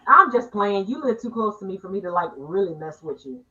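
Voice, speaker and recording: Woman, panel host, bright tense voice, animated storytelling, teasing asides, video call. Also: mid-range voice, a little fast, lo-fi sound. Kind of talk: casual panel chat.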